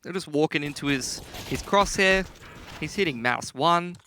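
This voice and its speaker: A man giving color commentary on an esports match at an early hour, tired but playful. His bright voice banters and laughs with the other casters over a light background hiss. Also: on the high side, normal speed. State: tired, up before dawn.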